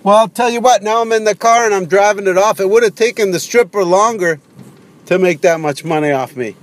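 A man with a high-sitting voice hosts a solo podcast while driving, speaking a little fast. He rambles in a sarcastic, self-mocking rant, with road noise from the car behind him.

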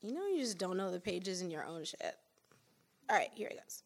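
A woman's voice: fairly low pitch, sing-song, a little fast. A woman poet talking casually between poems at a reading, with frequent swearing and laughing asides.

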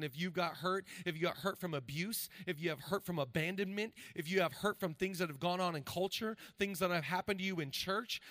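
High, bright-voiced man preaching. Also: no room sound. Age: 40s. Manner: energetic, preachy, swings from loud to hushed. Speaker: pastor. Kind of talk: sermon.

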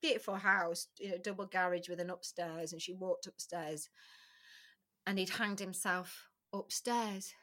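Appearing as a podcast guest, a middle-aged woman shares a personal story in a bright, forceful voice of medium pitch, steady in tone and normal in speed. She's candid and emotional, often breaking off to restart her sentences, with the occasional swear word slipping out.

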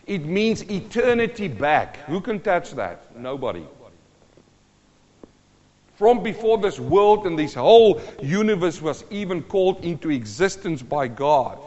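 A man preaching a sermon, telling a story with animated swings between quiet talk and shouting. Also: on the high side. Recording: long hall reverb, dull lo-fi sound.

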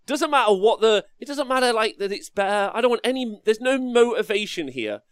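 A man's voice: high voice, lively intonation, brisk, smooth, no echo, clean studio sound. A man co-hosting a casual hobby podcast, ranting brashly with lots of swearing. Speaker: podcast co-host.

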